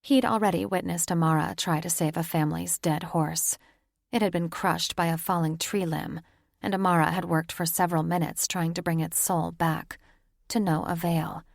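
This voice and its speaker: Gravelly woman narrating an audiobook. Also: fairly low pitch, fairly even intonation, moderate pace, dry recording, studio quality. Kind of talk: scripted narration.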